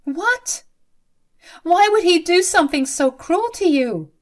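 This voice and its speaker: Protective young bride voiced by a woman, urgent, emphatic, high voice. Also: measured pace, fairly bright tone. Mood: concerned, indignant.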